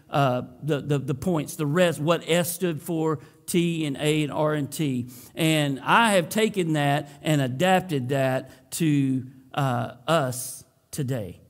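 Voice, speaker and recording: A man preaches in a church sanctuary, speaking as the congregation's pastor. His voice sits a little high, and he takes his time. Between prayer and teaching he drops folksy jokes to the room. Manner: folksy, joking asides to the congregation. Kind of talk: sermon with opening prayer.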